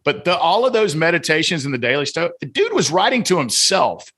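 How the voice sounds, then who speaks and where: A man's voice: on the high side, very animated, brisk, fairly bright tone. A man from Atlanta, a guest author and coach on a podcast, talking in an earnest, emphatic, lecturing way. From Atlanta, Georgia, US. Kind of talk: casual podcast conversation.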